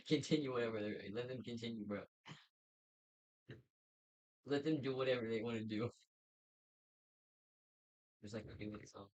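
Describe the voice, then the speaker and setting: A man joining a friend's stream from off-mic, bantering in a relaxed, joking way. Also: mid-range voice, unhurried, pauses often, poor audio. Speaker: friend in the room. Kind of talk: casual banter.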